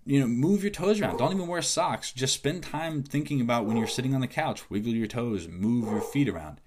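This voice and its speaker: A man hosting a podcast as a movement coach, talking in a casual, animated monologue and acting out quoted exchanges with clients. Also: medium pitch, fairly quick, background noise.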